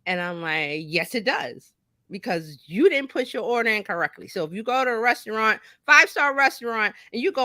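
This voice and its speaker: A woman marketing coach talking casually on a talk show, lively and folksy, acting out little quoted voices as she explains. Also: on the high side, fairly quick, dry recording.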